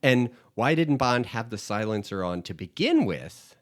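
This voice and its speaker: A man co-hosting a podcast, chatting casually about a film with quick asides and jokes. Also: mid-range voice, sing-song. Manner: easygoing, quick agreeing asides and quips. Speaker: podcast co-host.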